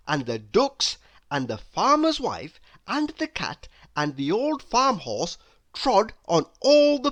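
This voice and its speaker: A man reading a children's storybook aloud in a slow, very expressive, sing-song way. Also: a little high. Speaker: storybook reader.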